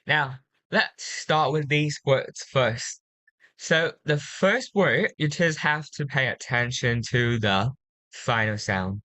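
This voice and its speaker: A woman tutoring English pronunciation, patiently drilling words slowly and repeating them. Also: a bass voice, a bit bright, dry recording. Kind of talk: one-on-one pronunciation coaching.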